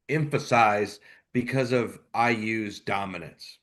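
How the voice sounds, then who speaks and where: A man's voice: on the low side, normal speed. A man co-hosting a live sports podcast, ranting heatedly, his voice jumping up when he gets worked up. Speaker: podcast co-host.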